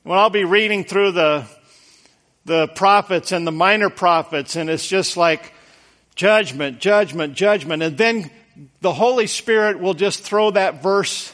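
A man's voice: high voice, unhurried, a bit bright. A man preaching a conversational sermon in an earnest, folksy way, repeating words for emphasis.

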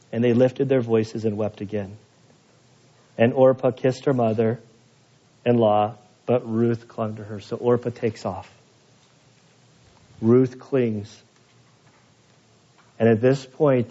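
A man's voice: mid-range voice, a little mellow. A man preaching an expository sermon in a church, conversational with joking asides. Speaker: pastor. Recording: dull lo-fi sermon recording.

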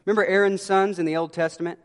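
A man preaching a sermon in an earnest way, dropping to a hush for emphasis. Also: high voice, steady tone, fast talker. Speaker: pastor. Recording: long hall reverb.

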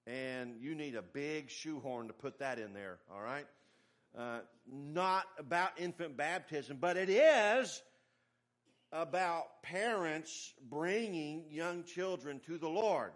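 A man's voice: fairly high pitch, slow pace, a bit bright. Folksy preacher man, emphatic. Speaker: pastor. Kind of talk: sermon.

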